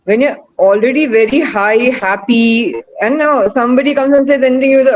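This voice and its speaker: A woman's voice: a little high, brisk. Encouraging woman, lo-fi call. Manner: asks the audience questions, coaxing and encouraging. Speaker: webinar presenter. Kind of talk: interactive online teaching talk.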